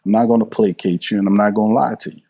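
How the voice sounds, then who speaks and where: A man's voice: on the low side, little pitch movement, rapid-fire, gravelly, mellow, husky. A man, hosting a live sports stream, blunt and passionate, swearing freely and repeating himself for emphasis. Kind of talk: heated live sports commentary.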